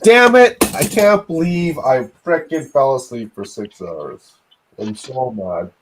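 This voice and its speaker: A man hosting a casual livestream who keeps groaning and cursing at himself. His voice swings widely up and down in pitch, sitting at an ordinary middle height. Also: animated, slow, darkish tone, slight background noise, low-quality recording. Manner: self-reproaching, groaning, swears often. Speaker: livestream host.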